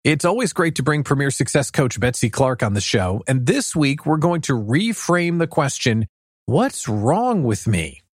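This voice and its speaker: A man's voice: on the high side, animated, moderate pace, few pauses, dry recording. Conversational male podcast host, dry sound. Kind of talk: podcast interview.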